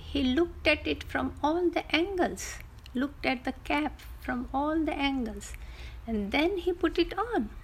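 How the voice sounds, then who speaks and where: A woman telling a children's fable aloud in an expressive, animated way, with dramatic pauses and little asides. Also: high-pitched, a little hiss or hum. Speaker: storyteller. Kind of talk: storytelling for children.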